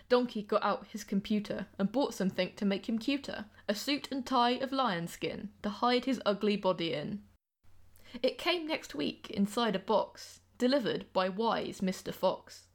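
A woman's voice: medium pitch, animated, normal speed. A young woman, a podcast host, reading her own rhyming poem aloud with playful, sing-song storytelling. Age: young adult.

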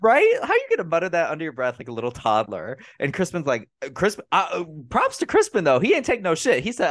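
A man hosting a podcast, chatting casually about a film and retelling scenes in a profane, animated way. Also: on the high side, quick pace, few pauses, dry recording, studio quality. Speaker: podcast host. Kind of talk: casual film review chat.

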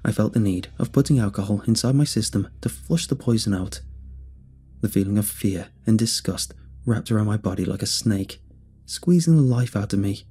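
A man giving steady, measured first-person narration of a scripted horror story. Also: fairly low pitch, breathy edge.

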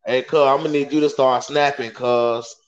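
A man's voice: mid-range voice, fairly even intonation, moderate pace, highs cut off. A man, rambling laid-back and cursing in casual chat.

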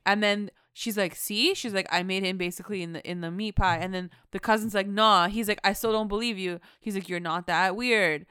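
A woman's voice: medium pitch, steady tone, fairly quick, hardly any pauses, a bit bright, smooth, no echo, studio quality. A woman co-hosting a casual TV recap chat, chatty and full of "like" as she quotes characters. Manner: chatty, says 'like' a lot, quotes characters. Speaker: podcast co-host.

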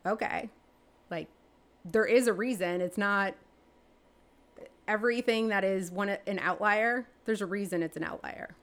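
A woman, answering interview questions in a chatty way, with many fillers and restarts, her pitch jumping up when she gets excited. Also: unhurried, pauses often. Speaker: real estate agent and team leader.

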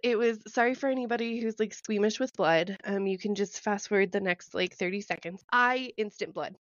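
A young woman telling a dating story in casual chat, self-mocking and animated. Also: medium pitch, brisk, dry recording, lo-fi sound. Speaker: podcast co-host.

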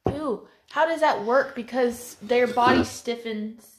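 A woman's voice: fairly high pitch, slow. A woman co-hosting a podcast, casually chatting and chiming in with short, teasing questions. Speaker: podcast co-host. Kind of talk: casual chat.

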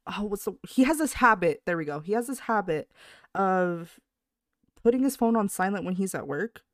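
A young woman co-hosting a podcast, telling a story in casual chat, animated and swearing freely as she acts out what people said. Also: medium pitch, normal speed, dry recording, studio quality. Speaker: podcast co-host.

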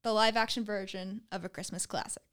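A woman's voice: mid-range voice, steady tone, fairly quick, fairly bright tone, smooth. A young woman hosting a casual Christmas song quiz with friends, teasing and humming lyric snippets as hints. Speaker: quiz host. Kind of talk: casual game chat.

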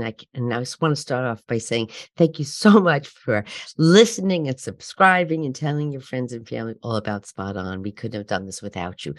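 A middle-aged woman hosting a health podcast, talking with excitement, animated and full of quick restarts. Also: deep voice. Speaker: podcast host and nutrition professor. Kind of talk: enthusiastic podcast talk.

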